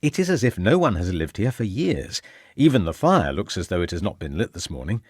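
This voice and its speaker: An earnest, bewildered Victorian constable, as a man reads him. He reports in a puzzled tone, his fairly low voice moving widely in pitch, with a close, dry sound. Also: big pitch swings, brisk, husky, no room sound, heavily acted.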